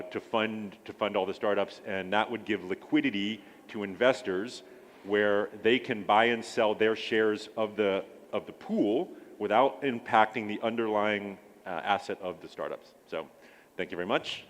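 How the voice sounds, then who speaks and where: A man pitching his startup accelerator at a conference, hesitant, with many filler sounds and restarts. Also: fairly even intonation, normal speed, slight background noise.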